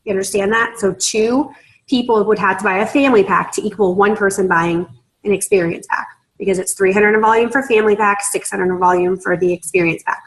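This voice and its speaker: A woman's voice: mid-range voice, steady tone, a little fast, low-quality recording. A woman runs a sales training in a persuasive, chatty manner. She often checks in with her audience as she explains things step by step. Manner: persuasive, conversational, checks in with "right?" and "you understand?". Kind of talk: training talk to a group.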